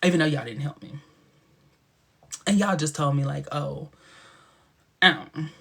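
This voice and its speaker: A man with a husky, slightly breathy voice hosts a casual livestream and chats straight to his viewers. He tells stories with animation, acting out quoted lines and slipping into hushed asides. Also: a little high, unhurried. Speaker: livestream host.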